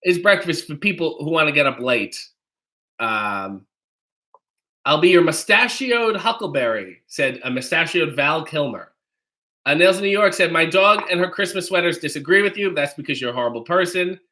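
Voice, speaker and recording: Male stream host with a cold: high and very bright, reads chat, then rants in profane mock outrage. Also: lively intonation, moderate pace. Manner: mock-indignant ranting, profane. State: has a cold. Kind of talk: reading viewer comments on a live stream.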